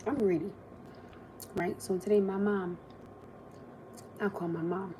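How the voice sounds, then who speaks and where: A woman's voice: medium pitch, a little slow, slight background noise. Chatty young woman telling stories on a live stream. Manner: animated, acts out quotes, laughs often, eats while talking. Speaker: livestream host. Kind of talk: casual storytelling on a livestream.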